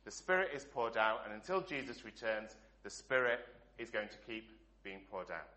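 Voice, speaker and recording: A middle-aged man from England delivers a sermon with a bright, forward tone. He preaches earnestly, posing one rhetorical question after another, and lets the ends of his phrases fall soft. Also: lowish voice, animated, moderate pace. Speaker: pastor.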